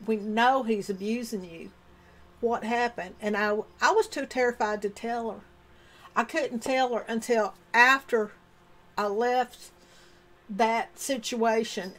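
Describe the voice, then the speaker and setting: A woman's voice: fairly high pitch, fairly bright tone, rough recording. A woman telling her own story of abuse in an earnest, emotional way, repeating key words for emphasis. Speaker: domestic violence survivor sharing her story. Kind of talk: personal storytelling monologue.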